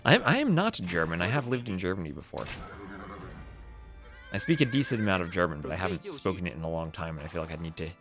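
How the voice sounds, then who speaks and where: A young New Jersey man with a local accent casts a strategy game on a live stream, speaking fast in a low, sing-song voice. He's chatty, laughs often and answers viewers' chat between play calls, with game music running behind him.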